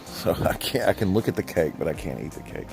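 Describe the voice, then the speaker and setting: A man's voice: very animated, fast, a little mellow, faint music behind. A middle-aged man hosting a casual chat, jokey and teasing. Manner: jokey, teasing, playfully deep put-on voice. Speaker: host.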